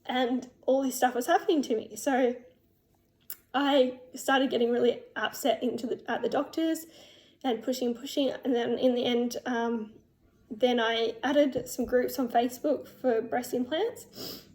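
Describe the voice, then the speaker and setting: A young woman telling her personal story in a vlog, emotional and halting, with many fillers and restarts. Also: on the high side, steady tone, a little mellow. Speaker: vlogger.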